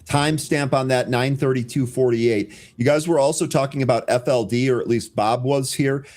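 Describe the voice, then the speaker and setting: Brisk man calling live market moves. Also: medium pitch, darkish tone. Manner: brisk, dry, sarcastic asides. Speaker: trading show co-host.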